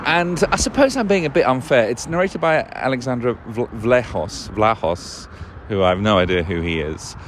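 A man's voice: mid-range voice, animated, a little fast, few pauses, a little hiss or hum. A man talking casually and at length on his own, often losing a word, correcting himself and swearing. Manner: rambling, swears, loses words, self-corrects; chuckles often. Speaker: podcast host. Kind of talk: rambling casual monologue.

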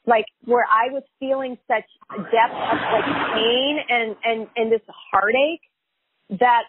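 A woman's voice: fairly high pitch, fairly even intonation, takes it slowly, very noisy. A woman, a chiropractor and life coach, telling her story candidly and emphatically in an interview, with frequent fillers and repetitions. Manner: emphatic, repeats herself, many fillers. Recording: phone-line audio.

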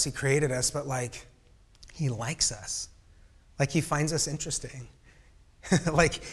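A young male preacher talks casually through a sermon, laughing often and slipping in self-deprecating jokes to the room. His delivery stops and restarts, with mid-range pitch. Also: a bit bright. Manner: halting restarts. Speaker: youth pastor.

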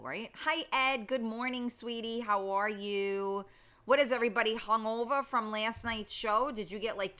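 A woman's voice: mid-range voice, sharp tone. Chatty woman hosting a live morning stream. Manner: chatty and blunt, greets viewers by name, cusses freely. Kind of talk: casual live-stream chat.

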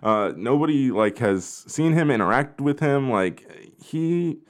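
A man's voice: medium pitch, expressive, a little slow. A man hosting a casual discussion, rambling with lots of fillers and restarts while he moderates. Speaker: podcast host.

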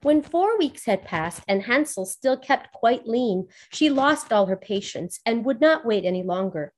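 A woman storyteller reading a fairy tale aloud in a measured, expressive way. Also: fairly high pitch.

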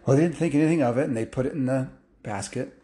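A man telling a story in a loose, casual way, with restarts and fillers, picking up excitement as the action builds. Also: medium pitch, fast.

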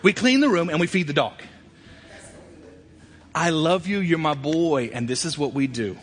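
A middle-aged man preaching a sermon, swinging between emphatic loud passages and quiet ones. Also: fairly high pitch, normal speed, breathy edge. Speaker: pastor. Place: church sanctuary.

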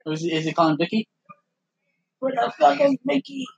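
A man's voice: very high voice, expressive, a little fast, slightly rough, lo-fi sound. A young man chatting casually on a podcast while watching old footage, laughing often and swearing freely. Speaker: podcast co-host. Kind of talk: casual watch-along commentary.

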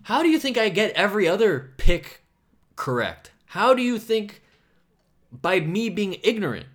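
A young man hosting a comedy podcast, talking alone in a rambling, profane way, swinging between loud bursts and low mumbles. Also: big pitch swings, normal speed. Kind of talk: casual solo podcast rant.

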